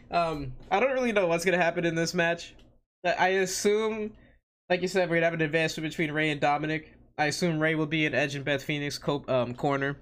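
A man's voice: fairly high pitch, a bit bright. A man co-hosting a podcast in casual chat, laid-back and jokey, calling his partner "pal". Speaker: podcast co-host.

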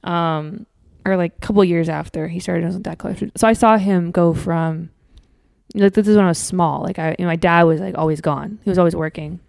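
A woman's voice: fairly low pitch, fairly even intonation, brisk, gravelly, darkish tone, no echo, studio quality. A young woman from Minnesota, a comedian guesting on a podcast, talking candidly and swearing freely. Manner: candid, swears freely, acts out quotes in a raised voice. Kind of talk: casual chat.

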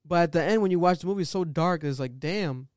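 A young man talks fast and loose in a casual podcast chat, piling on fillers as he builds a story. His voice sits a little high and sounds smooth and clear. It is close-miked and dry, with no room sound. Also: darkish tone, dry recording. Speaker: podcast co-host.

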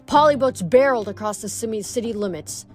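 A woman's voice: fairly high pitch, lively intonation, a little fast, faint music behind. Woman reading a novel aloud. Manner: plain reading with occasional stumbles and self-corrections. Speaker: audiobook reader.

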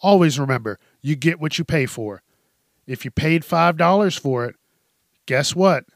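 A man's voice: a little high, expressive, normal speed, no room sound, studio quality. A man hosting a podcast, ranting bluntly in casual chat, swearing freely and laughing often. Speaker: podcast host. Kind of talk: casual solo rant.

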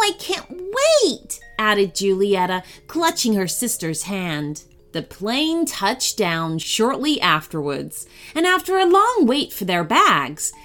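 A woman hosting a children's story podcast, narrating in a lively, expressive way. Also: medium pitch. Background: soft background music.

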